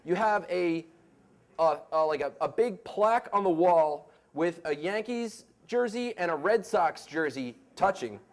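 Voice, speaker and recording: American guy, 20s, high bouncy voice, loose story-slam teller who says "like" constantly. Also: measured pace. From United States. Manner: casual, animated, heavy use of "like". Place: stage before a live audience.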